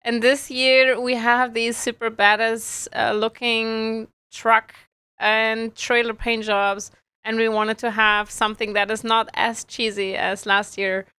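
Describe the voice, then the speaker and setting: Slow-talking bright-voiced woman host. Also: on the high side, flat delivery, smooth, dry recording. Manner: chatty, giggly, explains slowly. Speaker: community host. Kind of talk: casual live stream chat.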